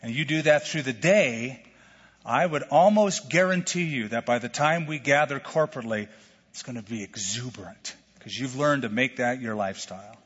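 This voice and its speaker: A middle-aged male pastor preaching a sermon in a lively, conversational way, full of questions to the congregation. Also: mid-range voice, moderate pace, slightly rough. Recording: lo-fi sermon recording with long hall reverb.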